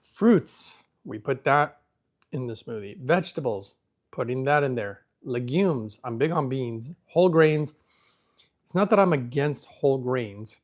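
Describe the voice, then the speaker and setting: A man hosts a casual live Q&A stream, thinking aloud as he reads viewer questions from the screen. His medium-pitched voice is expressive and unhurried, carrying easy self-assurance.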